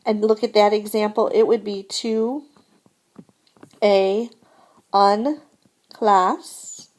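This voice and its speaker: A woman's voice: medium pitch, level tone, slow, warm tone. A woman teaching French grammar in a recorded lesson, patient and repetitive, often checking in with "okay?". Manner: patient, repeats "so again" and "okay?".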